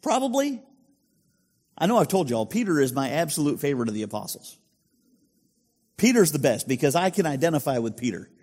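Pastor preaching in a reverberant hall. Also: male voice, medium pitch, big pitch swings, quick pace, darkish tone. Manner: conversational, rhetorical questions. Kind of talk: sermon.

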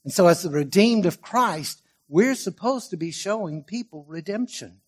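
A man preaching a sermon as pastor, emphatic, swinging from loud stressed lines to quiet asides and drawing out key words slowly. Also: sits high, animated.

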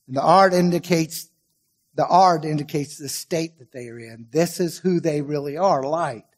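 A man preaching a sermon as pastor, emphatic, swinging from loud stressed lines to quiet asides and drawing out key words slowly. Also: fairly high pitch.

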